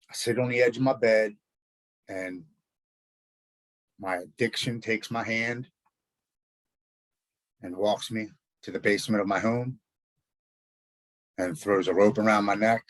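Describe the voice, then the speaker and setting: A man telling his own story in a blunt, halting way, with repeated words and swearing. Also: on the low side, fairly bright tone, no room sound. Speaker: storyteller recounting his recovery. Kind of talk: personal spoken story.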